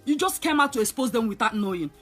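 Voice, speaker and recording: Scolding Nigerian woman, high voice. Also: animated, fast talker, fairly bright tone, faint music behind. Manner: heated, scolding, repeats herself with rhetorical questions. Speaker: online commentator. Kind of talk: angry direct-to-camera rant.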